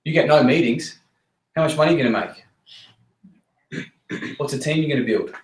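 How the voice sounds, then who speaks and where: A man's voice: fairly high pitch, normal speed. Blunt man in echoey room. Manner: blunt, repetitive, swears freely, punchy emphasis. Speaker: network marketing team leader. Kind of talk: motivational team talk. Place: meeting room with a group. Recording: roomy echo.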